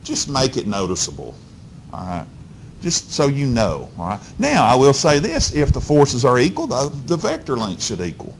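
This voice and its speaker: With huge pitch swings in a medium-pitched voice, a male physics teacher lectures at a moderate pace amid slight background noise. He coaxes the students in a folksy way, speaking right to them and repeatedly checking with "okay?" and "all right?"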